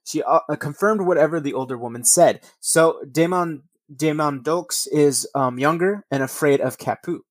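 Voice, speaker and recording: A man's voice: on the high side, normal speed, few pauses, dry recording. Guy reading history bits on his podcast then rambling with lots of cursing, dry no-room sound. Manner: profane, rambling asides between read passages. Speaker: podcast host. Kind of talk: casual storytelling podcast, reading passages aloud.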